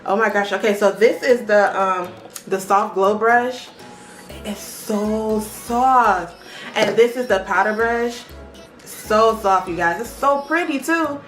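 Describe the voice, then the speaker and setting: A young woman chatting casually as a beauty vlogger, excitable and talking straight to her viewers. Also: medium pitch, takes it slowly. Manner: chatty and excitable, often addresses the viewers directly. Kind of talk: casual unboxing chat. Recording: echoey room with faint background music.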